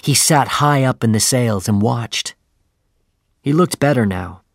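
Slow, gravelly male audiobook narrator. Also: mid-range voice, lively intonation, dry recording, clean studio sound. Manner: measured, plain storytelling.

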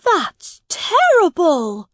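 Woman reader voicing a regal young boy prince: high, loud, haughty, slow and deliberate, close dry read. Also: wildly swooping pitch, no room sound, exaggerated voice. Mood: imperious. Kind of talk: storybook reading.

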